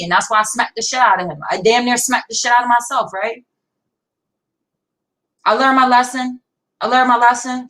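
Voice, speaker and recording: A woman's voice: on the high side, fairly bright tone, low-quality recording. A young woman, talking bluntly and defiantly with heavy profanity in a casual livestream discussion. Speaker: livestream co-host.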